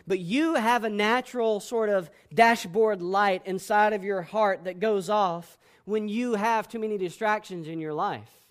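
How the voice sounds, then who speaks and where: A man preaching a sermon as pastor, boisterous and emphatic, swinging between loud declarations and hushed, soft passages. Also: sits high, unhurried, hardly any pauses.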